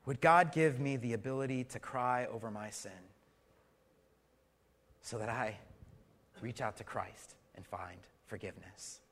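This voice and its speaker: A middle-aged male pastor preaching a sermon, swinging between loud emphatic lines and soft hushed ones, asking the congregation questions with light humor. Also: mid-range voice, fairly even intonation, measured pace, pauses often, slight background noise.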